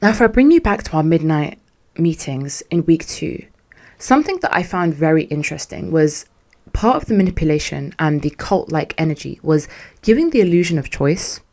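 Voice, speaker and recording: A young woman talks through her story on a podcast. Her voice sits a little low, and she sounds casual, slangy and exasperated. She swings between animated bursts and dry asides. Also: moderate pace. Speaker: podcast host.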